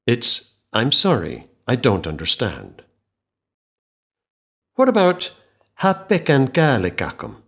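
A man teaching a scripted podcast language lesson, speaking clearly and slowing right down to model phrases. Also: medium pitch, wildly swooping pitch, fairly bright tone.

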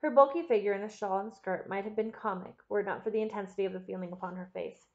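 This is a classic-novel audiobook read by a woman with a mid-range voice, her delivery measured and expressive. The audio quality is lo-fi.

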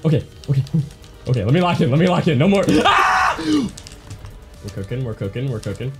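A young man giving excited gameplay commentary, swinging from muttering to yelling. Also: mid-range voice, racing, loud music behind the voice. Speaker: gaming streamer.

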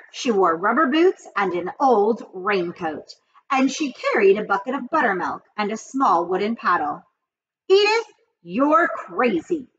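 A woman reading a children's book aloud with expressive narration. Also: mid-range voice, breathy edge. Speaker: reader. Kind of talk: read-aloud storybook narration. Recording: dull recording with faint hiss.

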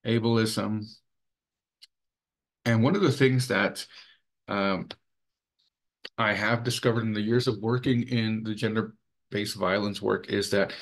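A man presenting a training webinar in an earnest, measured way, with many fillers. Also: on the low side. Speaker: webinar presenter for a sexual assault coalition.

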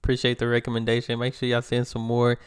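A man's voice: mid-range voice, monotone, fast talker, clear, resonant tone. An American man hosting a reaction video, chatting to viewers in a laid-back, casual way. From United States.

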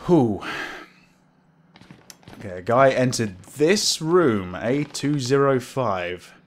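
A man's voice: mid-range voice, animated, slow. A man commentating a horror game as he plays, jumpy, swearing, laughing nervously. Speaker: gamer playing a horror game. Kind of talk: let's play commentary.

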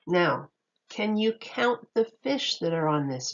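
A woman teacher reads a picture book aloud to young children, slowly and patiently, pausing to ask questions. Her voice sits a little low, and the recording sounds dull and lo-fi. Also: big pitch swings.

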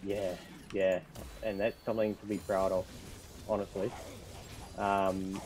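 A man's voice: low-pitched, flat delivery, a little slow, a little mellow, rough recording. Upbeat man hosting a stream. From Australia. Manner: upbeat, tells dad jokes. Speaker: livestream host. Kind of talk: casual livestream chat.

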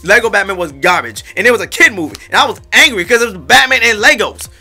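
High-voiced man ranting about movies. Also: lively intonation, fast talker, vocal fry, bright, forceful tone, faint music behind. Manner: blunt, ranting, repeats "garbage". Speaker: co-host. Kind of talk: casual movie review chat.

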